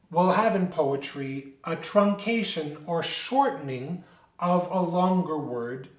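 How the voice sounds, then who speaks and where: A man giving an instructional music lecture, explaining step by step and asking himself questions before answering them. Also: on the high side. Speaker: music teacher. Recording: roomy echo.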